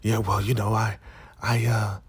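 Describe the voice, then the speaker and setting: A man voicing a giddy, unhinged young woman in a high, rushed, breathless way while recapping a TV show. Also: little pitch movement, husky.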